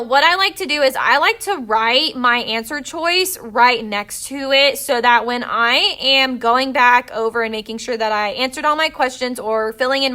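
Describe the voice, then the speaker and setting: A woman teacher with a high, bright voice going over a reading passage with her class. She explains each step patiently. Her tone is clear and ringing.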